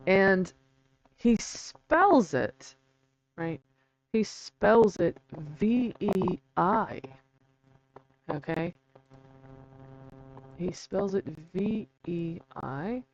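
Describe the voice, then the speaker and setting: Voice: medium pitch, gravelly, highs cut off. A video host in a casual explainer who reads passages aloud, spells words out letter by letter, and makes chatty, self-deprecating asides. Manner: chatty, self-deprecating, chuckles between points.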